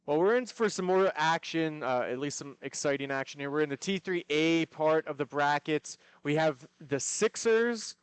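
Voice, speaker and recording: A man's voice: on the high side, lively intonation, normal speed, hardly any pauses, clear, resonant tone, no echo. A man doing live play-by-play for a youth hockey game at an arena, steadily explaining the teams and calling the action. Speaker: play-by-play commentator. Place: ice arena broadcast.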